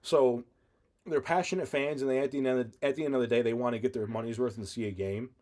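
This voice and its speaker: A man co-hosting a podcast, telling stories in a casual, animated way, often laughing and swearing. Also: mid-range voice, quick pace. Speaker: podcast co-host. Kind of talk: casual chat.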